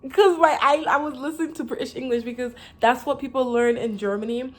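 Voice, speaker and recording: A woman's voice: sits high, fairly quick. A young American woman talking casually to camera as a vlogger, chatty and rambling, full of likes and restarts, laughing now and then. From United States.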